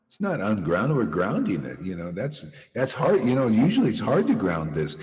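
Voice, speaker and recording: A man's voice: lowish voice, huge pitch swings, moderate pace, darkish tone. A man giving an informal devotional talk as a teacher, emphatic and full of rhetorical questions and repeated phrases. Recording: echoey room with long reverb.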